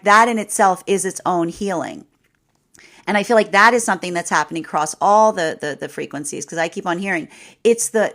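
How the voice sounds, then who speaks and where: A woman tarot reader giving a live daily reading, chatty and repetitive, laughing often and asking "right?". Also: mid-range voice.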